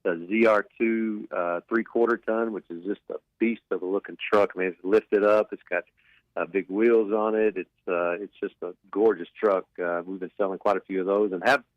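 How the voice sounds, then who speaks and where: Low-voiced male car salesman. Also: fairly even intonation, moderate pace, no room sound, lo-fi sound. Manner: enthusiastic, filler-heavy, repeats himself. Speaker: car dealership guest. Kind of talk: sales pitch on radio.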